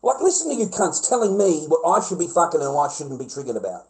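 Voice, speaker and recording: An Australian man vents in a raw, profanity-laced monologue, his voice sitting a touch high for a man. He keeps breaking into loud, shrill peaks of indignation before dropping back to a grumble. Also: big pitch swings, quick pace, poor audio. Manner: angry, profane, swings into loud high-pitched outbursts. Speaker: vlogger.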